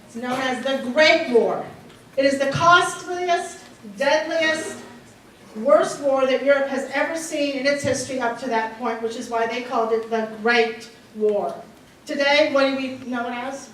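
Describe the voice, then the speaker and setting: A woman giving a history lecture to a class, lively, often quizzing the students and laughing. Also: high voice, measured pace, slight background noise. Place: lecture room. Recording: echoey room from a distance.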